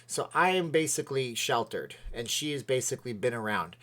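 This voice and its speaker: A man's voice: mid-range voice, lively intonation, fairly quick, bright, forceful tone. A middle-aged man from Canada hosting a casual livestream, rambling and thanking viewers by name as he reads their comments. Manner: rambling, chatty, thanks viewers by name, sways while talking. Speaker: livestream host.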